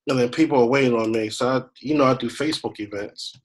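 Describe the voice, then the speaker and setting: A man's voice: mid-range voice, fast, slight background noise, low-quality recording. A man working as a travel agent, giving a casual online training, thinking aloud as he clicks through pages. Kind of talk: screen-share training walkthrough.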